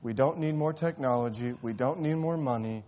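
A man preaching a sermon, telling a story and rising to impassioned cries before dropping to hushed, tender tones. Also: mid-range voice, normal speed. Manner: swells to impassioned shouting at climaxes, drops to hushed tones.

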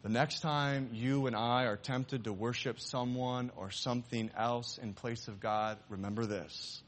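Male pastor, mid-pitched, sermon storyteller. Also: slight background noise. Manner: animated storyteller, voices the excited boy in a raised pitch; slows and softens for the closing appeal.

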